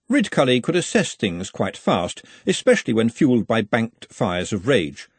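A man narrating an audiobook in a dry, measured storytelling manner. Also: mid-range voice, sing-song, husky, no room sound.

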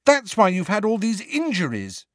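A man voicing a clever teenage girl, a young witch, frightened and shrill. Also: huge pitch swings, moderate pace, fairly bright tone, dry recording, studio quality, full character voice. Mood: pleading. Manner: shrill, breathless.

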